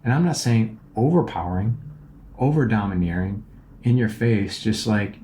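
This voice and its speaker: A man's voice: on the low side, normal speed, warm tone, slight background noise. A man hosting a podcast, giving casual relationship advice in an earnest, rambling way and often checking in with "right?". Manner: earnest, rambling, repeats words and keeps asking "right?". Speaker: podcast host and relationship coach.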